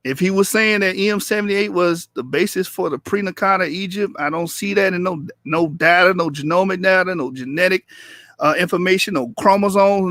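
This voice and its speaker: A man with a slightly high voice hosts a casual livestream and talks straight to his chat. He teases people, laughs a lot and keeps it loose. The sound is dry and close. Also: fairly bright tone, no echo. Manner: loose, chatty, teasing, laughs often; addresses viewers in the chat directly. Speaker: livestream debate host.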